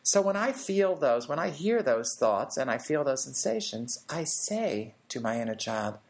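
A woman speaking as a guest in a conversation, explaining ideas calmly and acting out gentle quoted lines. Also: a bass voice, moderate pace. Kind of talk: casual conversation.

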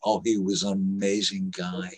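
A man's voice: low voice, little pitch movement, breathy edge. An older man, a veteran actor, telling anecdotes in an interview and acting out the voices of people he quotes. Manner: slow, anecdotal, acts out quoted voices, chuckles. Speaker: actor guest. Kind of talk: storytelling interview.

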